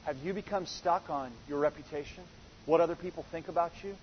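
Preacher, male, high husky voice, earnest and emphatic, dull lo-fi sound. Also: a little fast, a little hiss or hum. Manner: earnest, building to emphatic quoted exchanges. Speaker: pastor. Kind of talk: sermon.

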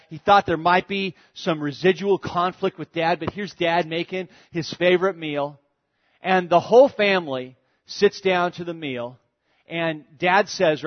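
A male preacher telling a story in a sermon, conversational and animated. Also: high voice. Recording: dull echoey hall recording.

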